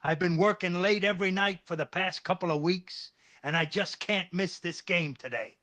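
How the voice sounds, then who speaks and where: A man's voice: high voice, normal speed, a bit bright. A man reading a worn-out pleading office dad. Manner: earnest, pleading, holding his temper. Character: weary, pleading male office worker and father.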